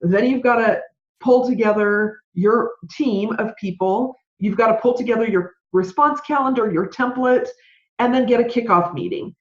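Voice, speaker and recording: Female podcast host, fast conversational rant, muffled roomy recording. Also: on the high side. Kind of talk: solo podcast advice. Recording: roomy, dull lo-fi sound.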